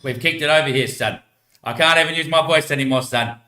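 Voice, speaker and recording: A calm, fatherly male guiding spirit, put on by a man. He speaks with a bright, forward tone and calls the listener "my son". The voice rings in an echoey room. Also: a little high, brisk. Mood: solemn. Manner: ends each sentence with "my son".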